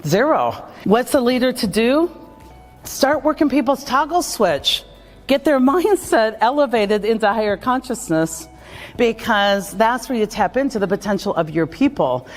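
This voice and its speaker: A woman speaking about leadership at a conference, energetic and acting out the voices of the people she quotes. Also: fairly high pitch, measured pace, faint music behind. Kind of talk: conference talk and vlog.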